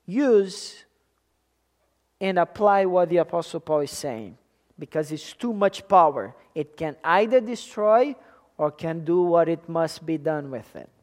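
Preacher mid-sermon: slow, deliberate delivery with mid-range pitch, hammering phrases through repetition, loud stresses dropping to quiet asides. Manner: deliberate and emphatic, repeating key phrases.

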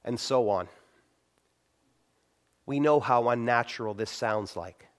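Taking it slowly in a medium-pitched voice, a middle-aged male pastor preaches conversationally about prayer. He tells stories and acts out short quotes along the way.

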